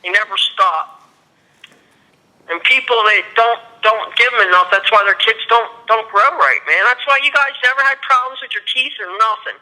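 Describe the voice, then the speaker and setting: A woman's voice: on the high side, normal speed, sharp tone, low-quality recording. A middle-aged woman on a speakerphone line, a mother chatting bluntly and repeating herself in a casual family call. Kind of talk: casual family phone chat.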